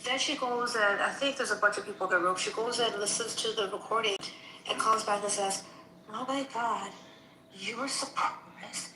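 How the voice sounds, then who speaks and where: A woman in casual, heated conversation, animated and indignant, acting out both sides of a quarrel she is retelling. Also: mid-range voice, brisk. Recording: echoey room with faint noise.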